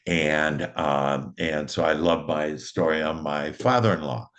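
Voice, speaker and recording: A middle-aged man with a notably low voice hosts a relaxed conversation. He rambles with plenty of fillers, "uh"s and self-corrections as he tells stories. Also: unhurried. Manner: rambling, with many fillers and restarts. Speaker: host. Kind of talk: casual conversation.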